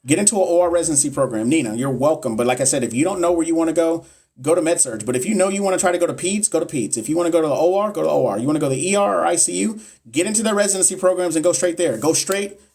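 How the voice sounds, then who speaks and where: A man's voice: fairly high pitch, lively intonation, rapid-fire, darkish tone, husky. A young man, a nurse educator on a casual live stream, answering viewers bluntly and with swearing, repeating himself for emphasis. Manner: blunt, profane, repetitive and emphatic.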